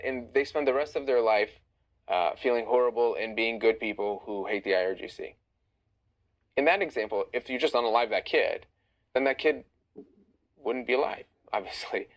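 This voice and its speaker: A man's voice: mid-range voice, expressive, moderate pace, rough recording. A tired man hosting a casual livestream, reading viewer questions aloud and answering them. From Iranian-American. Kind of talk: casual live chat. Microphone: phone livestream.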